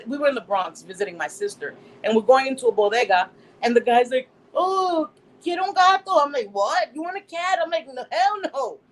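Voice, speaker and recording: A middle-aged woman hosting a casual live stream, reading chat comments aloud and telling stories in an animated way, laughing often. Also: a little high, poor audio. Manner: animated storytelling, laughs often, acts out quotes.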